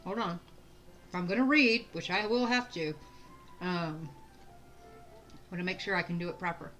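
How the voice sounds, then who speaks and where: A woman's voice: fairly low pitch, moderate pace, fairly bright tone, faint music behind. A young woman streaming a video game, chatting casually with a chatty, self-deprecating manner and frequent laughs. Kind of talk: casual let's-play chat.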